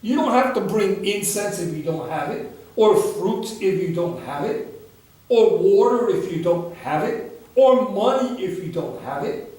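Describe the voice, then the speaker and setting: A man, a meditation teacher, telling a story in a dharma talk in a gentle, unhurried way. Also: sits high, animated. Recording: echoey room, far from the mic.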